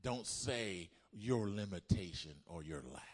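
Low-voiced pastor preaching. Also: male voice, expressive, slow pace, breathy edge. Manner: call-and-response preaching, rising to loud bursts. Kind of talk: sermon.

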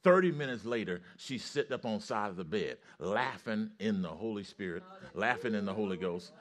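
A man preaching a sermon with call-and-response, his storytelling rising to loud excitement. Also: on the low side, brisk.

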